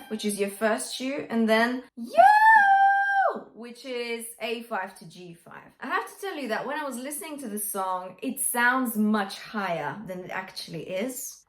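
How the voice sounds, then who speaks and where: A woman's voice: a little high, a bit bright. A young adult woman vocal coach giving a singing lesson, encouraging and breaking into sung examples. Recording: roomy echo.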